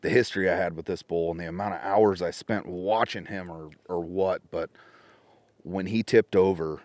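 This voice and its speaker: A middle-aged man telling a story in casual podcast conversation, lively and acting out his phone calls with friends and family. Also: low-pitched, moderate pace, no echo. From Washington State. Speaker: podcast guest.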